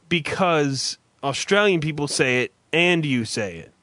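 Bright, teasing male podcast host. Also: on the high side, expressive, a little slow, few pauses, no echo. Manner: loud, teasing, exasperated and profane. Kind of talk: comedy podcast banter.

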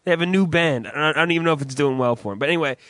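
A young man chatting on a podcast, his voice sitting a touch high. He rambles, swears casually and laughs a lot, with a dry, close sound. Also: racing, a bit bright, no room sound. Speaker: podcast co-host. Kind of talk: casual chat.

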